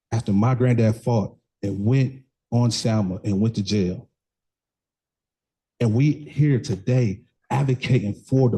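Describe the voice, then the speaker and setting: A young man stands as a candidate at a community political meeting, giving an impassioned campaign speech and then taking questions. His voice is on the low side, mellow and husky, and he's emphatic, repeating phrases and using frequent fillers, though the audio quality is poor.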